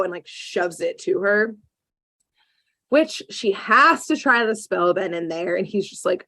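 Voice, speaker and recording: A woman's voice: medium pitch, measured pace. A woman hosting a podcast, casually recapping a cartoon episode and acting out the characters, with lots of "like" fillers. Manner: animated storyteller acting out characters with many "like" fillers. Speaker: podcast host.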